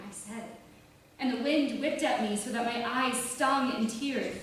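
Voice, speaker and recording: A woman giving a measured, deliberate literary reading of a novel. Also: on the high side, fairly bright tone. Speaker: author reading her novel. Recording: roomy, distant, faint hiss.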